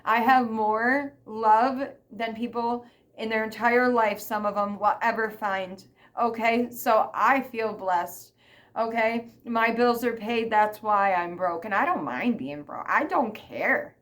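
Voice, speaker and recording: A woman's voice: on the high side, slow pace, fairly bright tone. A middle-aged woman ranting in a vlog monologue, emphatic and repetitive, often checking in with "okay?". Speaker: vlogger.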